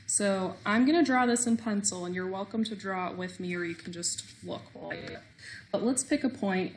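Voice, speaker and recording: A woman's voice: mid-range voice, slight background noise. A woman teaching a recorded math lesson, explaining step by step with small self-deprecating jokes.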